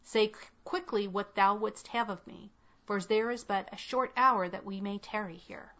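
A woman voicing an aged, withered crone who speaks low and drawn out, secretive and commanding. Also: normal speed, fairly bright tone, lightly acted. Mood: hushed. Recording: dull lo-fi recording.

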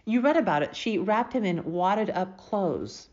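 A woman's voice: medium pitch, lively intonation, moderate pace, a little mellow, dull audio, pitched above the performer's own voice, close to an everyday voice. A woman doing a scornful know-it-all boy. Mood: insistent.

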